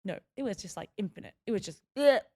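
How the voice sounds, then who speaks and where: A woman's voice: mid-range voice, lively intonation, quick pace, warm tone. A young woman from Melbourne hosting a podcast, telling stories in a chatty, rambling way with lots of fillers. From Melbourne, Australia. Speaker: podcast host. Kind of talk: casual solo podcast storytelling.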